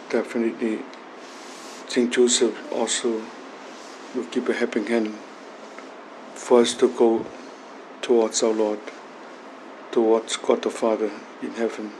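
Soft-spoken priest with a dark, flat voice. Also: male voice, medium pitch, a little hiss or hum, low-quality recording. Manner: reads the gospel aloud, then preaches softly with pauses and restarts. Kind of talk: gospel reading and homily.

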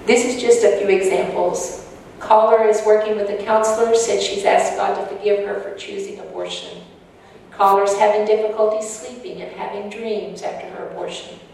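A woman with a medium-pitched, creaky, darkish voice tells an audience her personal story, earnest and emotional. Her intonation is fairly even and her speed normal. The audio is distant, from an echoey hall, with faint noise.

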